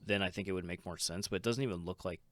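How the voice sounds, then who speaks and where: Deep voiced guy on a podcast, laid back, lots of likes and ums. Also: fast, no room sound. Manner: relaxed, hesitant, many fillers. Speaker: podcast co-host. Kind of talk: casual chat.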